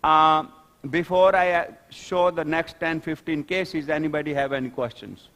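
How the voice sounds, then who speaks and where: A man giving a conference lecture on skin pathology, halting and explanatory with many fillers and restarts. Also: on the high side, steady tone, a bit bright. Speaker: dermatopathology lecturer. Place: conference hall. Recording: reverberant conference hall.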